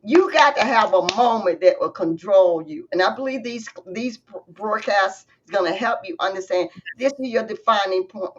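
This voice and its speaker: A woman hosts a faith-based interview, speaking like a preacher and weaving scripture into her talk. Her voice sits at a middle pitch. The audio is dull and slightly muffled. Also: normal speed, hardly any pauses, a little hiss or hum. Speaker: interview host.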